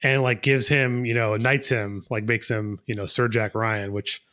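A man's voice: lowish voice, level tone, moderate pace, bright, forceful tone. A man co-hosting a podcast, talking through a film in a loose, rambling way with lots of fillers and restarts. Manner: rambling, hedging with many fillers. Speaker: podcast co-host. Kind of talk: casual movie discussion.

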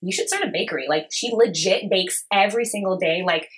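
A woman's voice: mid-range voice, fairly quick, slightly rough. A young adult woman co-hosting a podcast, telling stories in a casual, chatty way with lots of "like.". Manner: chatty, animated storytelling, frequent "like". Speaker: podcast co-host. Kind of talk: casual chat.

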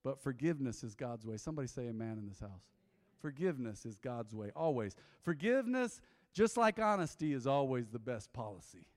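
A middle-aged man preaching as a pastor, telling a confessional story with jokes, then leading an altar call, his voice swinging from loud to hushed. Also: medium pitch, very animated, a little fast. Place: church sanctuary. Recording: long hall reverb.

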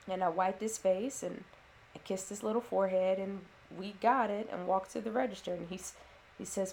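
A woman's voice: medium pitch, normal speed, gravelly, a little hiss or hum. A woman, a mother and former teacher, telling a personal story in an earnest, reflective way. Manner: earnest, reflective, with restarts and fillers.

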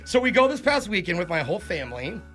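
A man's voice: high-pitched, big pitch swings, quick pace, fairly bright tone, soft background music. A man co-hosting a radio show, telling a personal story in an earnest, heartfelt way. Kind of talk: casual chat, personal story.

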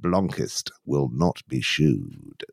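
Guy putting on a low slow pompous show-off who calls himself by name, big swoopy delivery, dry sound. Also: big pitch swings, fairly bright tone, dry recording. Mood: grandiose. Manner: grandiose, speaks of himself in the third person. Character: pompous male aerial-ace gladiator hopeful.

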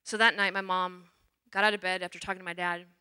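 Middle-aged nun, personal testimony, lively storyteller, bright tone. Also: female voice, fairly low pitch, fast talker, smooth. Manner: animated storyteller, acts out quotes. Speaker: religious sister.

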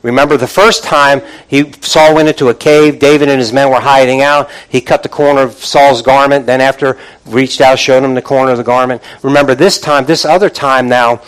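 A man's voice: mid-range voice, fairly even intonation, fairly quick, smooth, low-quality recording. A man preaching a sermon, retelling scripture in a casual conversational way, often restarting phrases and asking the congregation for responses. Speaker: pastor.

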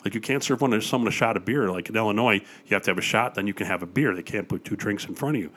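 An older man with a lowish voice, chatting easily as a guest. He tells stories with eager enthusiasm and scatters "uh" and "you know" through his sentences. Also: fast, a bit bright, husky. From Wisconsin, USA. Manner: enthusiastic storyteller with frequent fillers. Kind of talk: casual chat.

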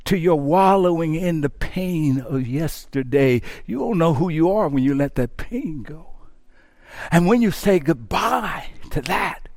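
A male pastor delivers a sermon in a high voice, dropping to near hushes and then climbing into fervent shouts. He stumbles over repeated words as his intensity builds. The sound is dry and close, with no room around it. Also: animated, measured pace, no echo. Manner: impassioned preaching, swings from hushed to shouting.

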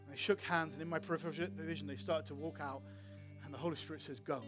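A man preaching in a church, telling a personal story with animated swings between loud excitement and hushed tones. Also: on the high side, fast talker, music in the background. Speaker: pastor. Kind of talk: sermon storytelling.

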